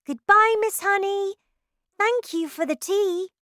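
A woman reading aloud who puts on a clever, bold little girl, speaking with eager, bright questions. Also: sits high, expressive, a little slow, no room sound, studio quality, pitched above the performer's own voice. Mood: polite.

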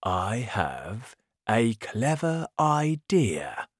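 A woman doing a sly, slow-talking crocodile. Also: a bass voice, sing-song, slightly rough, no echo, clean studio sound, exaggerated voice. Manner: slow, drawn-out, menacing. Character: greedy sly male crocodile, low and slow.

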